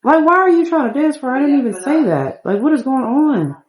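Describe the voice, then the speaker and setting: A woman's voice: high voice, lively intonation, brisk, darkish tone. Young female gaming streamer, chatty, a bit exasperated. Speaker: game streamer. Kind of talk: casual gameplay commentary.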